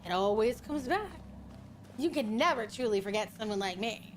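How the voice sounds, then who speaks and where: A woman's voice: on the high side, expressive, normal speed, a little hiss or hum. A woman streaming a game, chatting with viewers in a flirty, teasing, playfully menacing way. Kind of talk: casual game-streaming chat.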